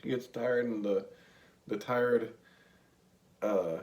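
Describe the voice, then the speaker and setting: A man's voice: lowish voice, steady tone, slow, a little mellow, lo-fi sound. A man chatting casually with his partner, telling jokey stories and mimicking her voice. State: tired. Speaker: co-host. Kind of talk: casual chat.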